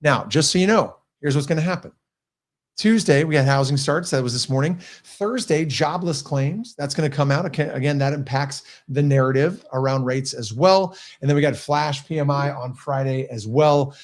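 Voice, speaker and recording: Give me an energetic middle-aged male host breaking down the market week, voice a bit on the high side. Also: moderate pace. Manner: energetic, many rhetorical questions to viewers. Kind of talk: market commentary show.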